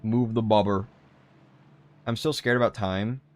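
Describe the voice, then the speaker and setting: A man's voice: fairly low pitch, steady tone, a little slow. A young man chatting loosely while streaming a game, rambling and swearing casually. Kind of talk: casual live-stream commentary.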